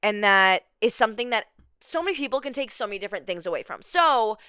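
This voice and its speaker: A woman's voice: medium pitch, lively intonation, fast talker, sharp tone, smooth, no echo, clean studio sound. A young woman hosting her own podcast from an indoor room, chatting casually and gushing, with lots of "like" and "you guys". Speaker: podcast host. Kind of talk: casual solo podcast chat.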